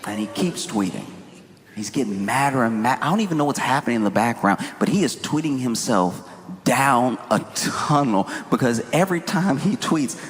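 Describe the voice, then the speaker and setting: A man performing stand-up comedy, animated and incredulous, with big jumps in his voice. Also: medium pitch, moderate pace. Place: comedy venue. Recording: live hall with audience noise.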